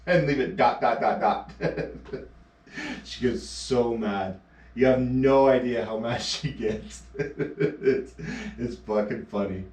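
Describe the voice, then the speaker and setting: A man chatting on a live stream, laughing through his teasing stories and swearing freely. His voice sits at an ordinary pitch but comes from well away from the camera mic, with a roomy echo around it. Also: a little mellow. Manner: laughing often, profane, teasing storyteller. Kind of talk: casual live-stream chat. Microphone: action camera mic held away. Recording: echoey, distant action camera audio.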